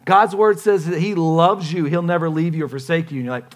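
Animated casual preacher man. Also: on the high side, a little fast, hardly any pauses. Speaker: pastor. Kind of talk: sermon.

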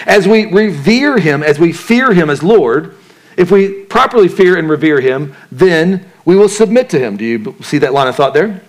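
A male pastor preaching a sermon in a conversational way, asking the congregation questions and acting out the voices in people's heads. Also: on the high side. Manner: conversational preaching, asks the crowd questions, acts out inner voices.

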